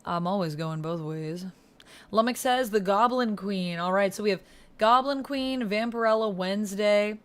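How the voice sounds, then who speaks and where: A woman's voice: mid-range voice, normal speed, smooth. Woman streamer, casual gaming chat, reads out comments, encouraging replies. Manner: reads viewer comments aloud and answers them; encouraging, supportive.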